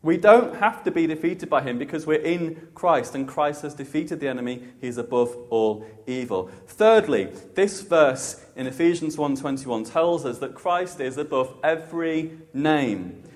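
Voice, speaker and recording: A man preaching a sermon with an emphatic, repetitive cadence, dropping soft and low for reverent passages. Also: lively intonation, moderate pace, few pauses, long reverb tail.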